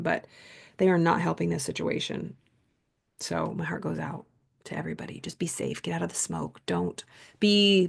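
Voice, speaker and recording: A woman's voice: lowish voice, creaky, a little mellow. A woman hosting a podcast, telling a personal story in a chatty, rambling way full of "like," earnest and reflective. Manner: rambling, chatty, heavy use of "like". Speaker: podcast host and coach. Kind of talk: casual storytelling monologue.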